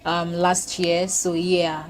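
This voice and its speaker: A woman's voice: fairly low pitch, flat delivery, takes it slowly, slight background noise. A young woman vlogger talking casually to her phone camera at home, chatty and reflective, often saying "like". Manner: chatty and reflective, with many fillers like "like". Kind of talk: casual year-end vlog talk to camera.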